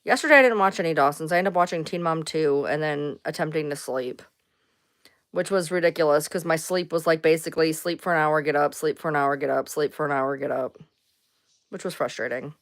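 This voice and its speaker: Woman rambling on her livestream, low smooth voice, answers chat, swears a bit. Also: fairly quick. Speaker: livestream host.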